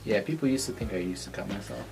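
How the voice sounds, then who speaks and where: A man with a fairly low voice, chatting as a podcast guest in a laid-back way with short, easygoing replies. Clear music plays under him. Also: quick pace. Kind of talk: casual chat.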